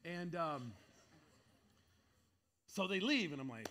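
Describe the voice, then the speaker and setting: Animated man preaching with a bright, high voice. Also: slow pace, long pauses. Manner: animated, acts out voices, laughs between lines. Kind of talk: sermon storytelling.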